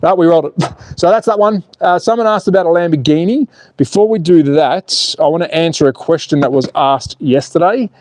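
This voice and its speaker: A man hosting a live stream outdoors, commentating with excitable jokes and reading viewer chat aloud. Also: fairly high pitch, brisk, dry recording. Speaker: slot car channel host.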